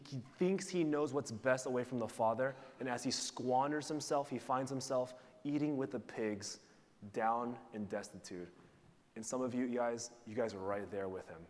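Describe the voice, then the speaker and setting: A man giving a sermon as pastor, preaching in a conversational way and putting questions to the congregation. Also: mid-range voice. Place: church sanctuary. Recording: long reverb of a large hall.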